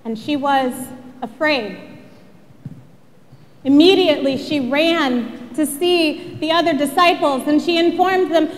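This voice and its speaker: A woman pastor delivering a sermon in a church, telling the story dramatically and sinking to a hushed prayer. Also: high-pitched, slow pace, long reverb tail. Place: church sanctuary.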